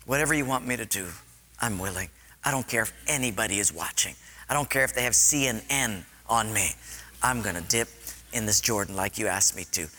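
A preacher voicing a proud army general, muttering and grumbling at first, then praying low and humbly. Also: male voice, quick pace, bright, forceful tone, a little hiss or hum. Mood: contrite.

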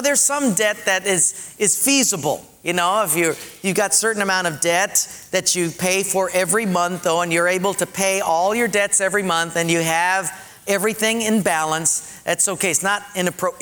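A man's voice: sits high, sharp tone, clean tone, long reverb tail. A man preaching a sermon, telling a story animatedly and acting out the voices.

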